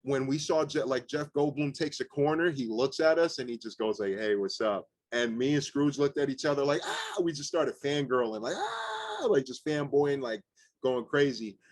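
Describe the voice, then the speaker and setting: Young male rapper guest, animated and profane, lots of fillers, dry close mic. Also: mid-range voice, moderate pace, dry recording. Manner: animated, swearing, many "like" fillers. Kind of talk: casual storytelling interview.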